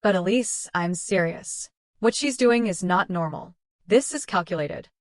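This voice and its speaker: A woman's voice: mid-range voice, measured pace, natural voice. A woman voicing a loyal best friend, firm and blunt, speaking up for her friend. a dry, close sound with no echo. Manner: firm, outraged.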